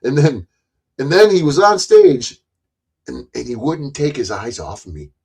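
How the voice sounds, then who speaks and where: A man in the middle of a long, rambling story, swearing freely and doubling back over his own words. His voice sits at an ordinary middle pitch. When he quotes what people said, it jumps up higher and louder for a moment. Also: sing-song, measured pace, creaky, slightly rough. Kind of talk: casual profane storytelling.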